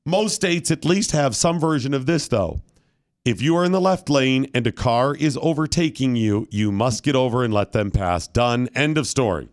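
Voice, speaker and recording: A man hosting a talk show, ranting with mock solemnity and breaking into loud indignant outbursts. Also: medium pitch, lively intonation, moderate pace. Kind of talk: comic rant on a talk show.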